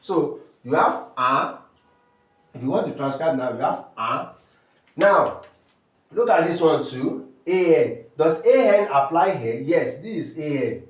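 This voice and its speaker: This step-by-step French pronunciation lesson comes from a Nigerian-accented man whose slightly high, expressive voice is recorded from a distance, off-mic, in an echoey room. He repeats terms slowly and keeps asking rhetorical questions as he drills.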